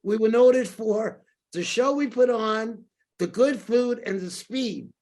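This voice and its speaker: Speaking slowly in a very high voice, this older New York man spins anecdotes as a podcast guest. It's a relaxed storytelling interview, and he animatedly performs the lines of dialogue he recounts.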